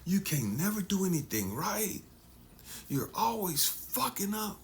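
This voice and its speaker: Scolding parent, harsh and nagging, high and sharp, put on by a man. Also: big pitch swings, slight background noise, exaggerated voice. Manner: rapid-fire nagging questions and put-downs.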